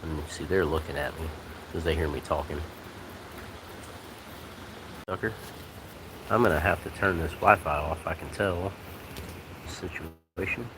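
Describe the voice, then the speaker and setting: A man chatting casually on a live stream from a porch, talking to his cats and his viewers in a relaxed, rambling way. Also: very deep voice, a little slow, pauses often. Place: outdoors on a porch in the rain. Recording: rain noise outdoors. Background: rain.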